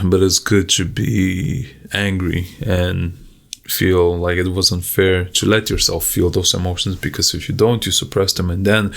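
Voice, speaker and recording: Low gravelly man, candid and rambling. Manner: rambling, candid and profane, with self-corrections. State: tearing up. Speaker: vlogger journaling on video. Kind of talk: raw emotional video journal.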